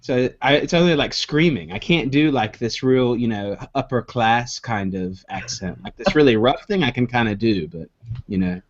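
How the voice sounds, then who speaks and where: A man's voice: medium pitch, moderate pace. A man co-hosting a live online show in casual chat, rambling with many restarts. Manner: rambling, with restarts and "you know"s. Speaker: co-host. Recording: dull lo-fi stream audio.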